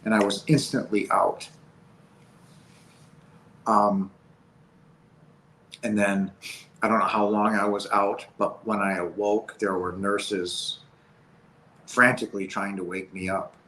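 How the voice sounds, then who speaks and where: Earnest, halting man recounting an ordeal. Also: fairly low pitch, level tone, a bit bright, a little hiss or hum, rough recording. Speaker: interview guest. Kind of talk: personal testimony in an interview.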